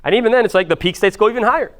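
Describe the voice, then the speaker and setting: A man's voice: sits high, very fast. A man coaching a small group in a live workshop, casual and jokey, swearing freely and talking straight to the room. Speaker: business and mindset coach.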